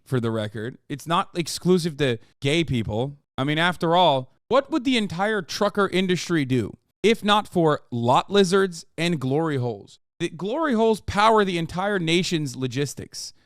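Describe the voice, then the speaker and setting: Mouthy guy streamer, kinda high voice, ranting and swearing, dry close mic. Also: no room sound. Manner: profane, mocking rants, reads aloud fast. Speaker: streamer reacting to an article. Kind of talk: live stream commentary.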